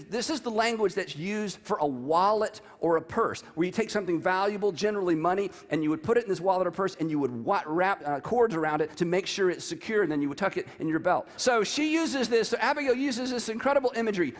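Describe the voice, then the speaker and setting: Male preacher, high voice, animated scripture reading, long hall echo. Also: a little fast. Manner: animated, reads scripture aloud with emphasis. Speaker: pastor. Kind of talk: sermon.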